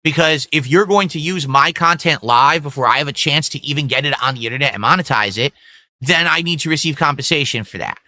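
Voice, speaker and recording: A man speaks to his stream audience in a stern, lecturing way that turns into threats. His voice is slightly high and very sharp and tense. It is recorded close up and dry. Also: brisk, dry recording. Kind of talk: clip from a live stream.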